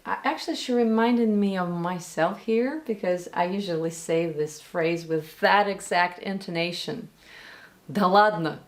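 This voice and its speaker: A woman's voice: lowish voice, normal speed, hardly any pauses. A Russian-accented woman from Russia teaching pronunciation, demonstrating sounds by repeating words and single sounds. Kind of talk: pronunciation lesson commentary.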